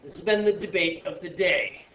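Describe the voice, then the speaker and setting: A man teaching a science class, talking in a chatty, joking way with animated asides to his students. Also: high voice, normal speed, highs cut off, slight background noise. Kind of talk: classroom lesson. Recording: echoey classroom from far off.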